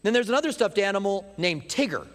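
High-voiced pastor preaching in a reverberant hall. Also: male voice, fast. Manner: animated storyteller, drops to hushed emphasis. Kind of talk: sermon.

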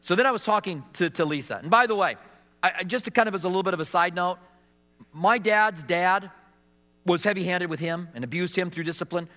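Bright-voiced preacher man in a hall. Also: sits high, fairly quick. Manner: storytelling with acted quotes and humor. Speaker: pastor. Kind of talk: sermon.

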